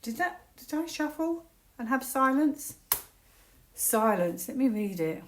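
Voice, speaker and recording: A woman from the United Kingdom giving a casual solo tarot reading, musing aloud and breaking into excited, laughing exclamations. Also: high voice, unhurried, echoey room, a little hiss or hum. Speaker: tarot reader.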